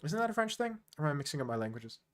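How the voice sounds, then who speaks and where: A man streaming online chess, chatting casually and thinking aloud, quick to make fun of his own play. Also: a little high, very animated, fairly bright tone. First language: English. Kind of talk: casual live-stream commentary.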